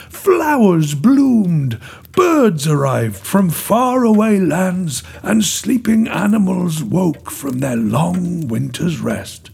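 A man narrating a children's story in a slow, expressive, gentle way. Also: sits high, gravelly, husky.

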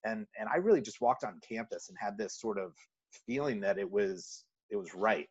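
Speaking at a moderate pace in a husky, lowish voice, this New York City man is a guest in a relaxed interview. His accent is neutral American, and his stories come with lots of fillers and restarts. The lo-fi audio sounds muffled.

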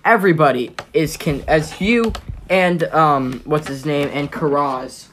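Game master, rambling narration, medium pitch, faint background hiss. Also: a little slow, a bit bright. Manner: rambling, many ums and restarts.

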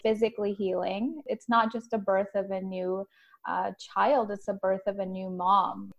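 A woman's voice: mid-range voice, flat delivery, a little slow, gravelly, muffled recording. Woman hosting a heartfelt interview. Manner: open, personal storytelling with fillers. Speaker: podcast host. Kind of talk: conversational interview.

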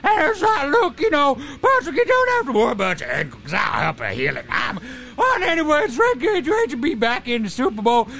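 A man doing an impression of an excited, gushing quarterback. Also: fairly quick, vocal fry, hardly any pauses, heavily acted. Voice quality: loud and excited, high-pitched. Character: cheery pro quarterback man, gushing and upbeat.

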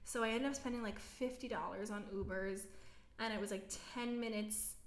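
A young American woman co-hosting a podcast, telling stories in a casual, animated way with lots of fillers. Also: medium pitch, moderate pace, echoey room. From United States. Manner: animated storytelling, many filler likes, laughs while talking. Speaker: podcast co-host. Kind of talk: casual chat.

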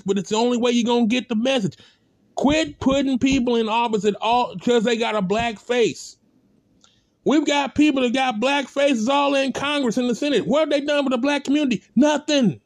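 Blunt high-voiced man ranting. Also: no room sound. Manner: blunt, repetitive, rhetorical calls. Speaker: commentator. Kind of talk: impassioned spoken rant.

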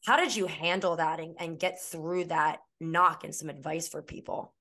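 A woman's voice: low-pitched, normal speed, fairly bright tone. A woman podcast host asking a reflective, rambling question with fillers. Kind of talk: interview question.

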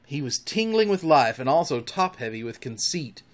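A man reading a storybook aloud in an expressive, dramatic way. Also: mid-range voice, normal speed. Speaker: narrator.

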